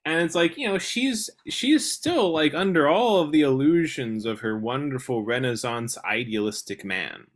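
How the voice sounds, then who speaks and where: A podcast co-host with a fairly high-pitched voice discusses a novel at a moderate pace, barely pausing. He's animated but hesitant, full of restarts and fillers, and now and then reads passages aloud in this casual book chat.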